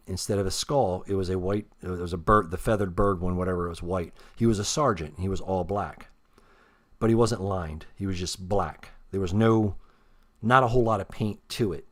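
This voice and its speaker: A man telling a rambling, self-deprecating story full of swearing while he shows a custom figure he painted. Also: low voice. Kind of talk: casual storytelling while showing his work.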